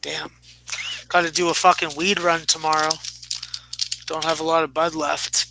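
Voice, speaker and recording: A man's voice: on the high side, little pitch movement, moderate pace, gravelly, background noise. A man co-hosting a casual late-night podcast, loose and joking, with heavy swearing. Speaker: podcast co-host.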